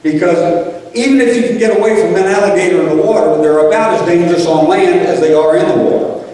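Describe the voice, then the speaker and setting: High-voiced man spinning a tall tale. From North Louisiana. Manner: folksy, deadpan exaggeration with drawn-out pauses. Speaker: storyteller at a liars' contest. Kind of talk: told tall tale to a live audience. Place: stage in a large hall. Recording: echoey hall from far off with faint noise.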